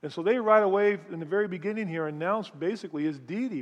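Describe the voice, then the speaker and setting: A man's voice: high-pitched, fast talker, lo-fi sound. A man with a somewhat raised voice gives a Bible teaching from the pulpit, guiding listeners through scripture point by point. His voice carries a long reverb, as if he is in a large church sanctuary. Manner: explanatory, walks listeners through scripture step by step. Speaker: pastor teaching a Bible study. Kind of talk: sermon-style Bible teaching.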